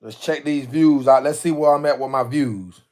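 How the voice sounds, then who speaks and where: A man with a medium-pitched, slightly mellow voice talks at a moderate pace on a live stream. He drawls casually and exclaims to himself as he sorts through jerseys.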